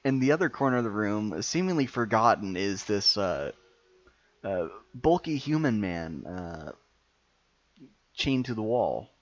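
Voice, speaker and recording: A man running a tabletop game as game master, with a lower voice that swings widely in pitch. He narrates slowly, pausing on fillers. The sound is dull and lo-fi, like an online voice chat. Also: sing-song. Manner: hesitant, filler-heavy narration.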